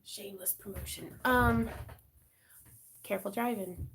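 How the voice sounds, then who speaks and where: A woman's voice: medium pitch, a little slow, slight background noise. A woman hosting a live craft stream, chatting in a bubbly, giggly way with her viewers and her cat. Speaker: craft channel host.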